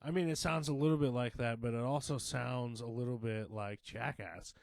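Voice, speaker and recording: A man co-hosting a podcast in casual chat, talking in a hesitant, halting way with many restarts. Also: mid-range voice, gravelly, darkish tone. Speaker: podcast co-host.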